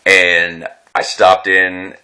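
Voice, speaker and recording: Agitated rambling man, bright voice. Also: low-pitched, monotone, very slow. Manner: rambling, agitated, swearing, many restarts. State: distressed. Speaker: veteran telling his story. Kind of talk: unscripted personal vlog.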